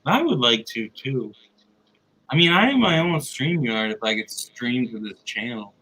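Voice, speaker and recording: A man's voice: mid-range voice, lively intonation, unhurried, sharp tone, low-quality recording. A man from Texas chatting on a livestream, rambling with lots of fillers and joking around. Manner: rambling, filler-heavy, laid-back joking. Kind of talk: casual livestream banter.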